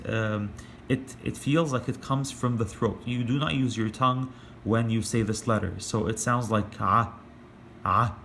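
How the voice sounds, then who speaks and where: Hesitant man explaining letters slowly. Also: mid-range voice, a little hiss or hum. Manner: hesitant, many fillers and restarts; slows down to demonstrate sounds. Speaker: language teacher. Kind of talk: casual online lesson.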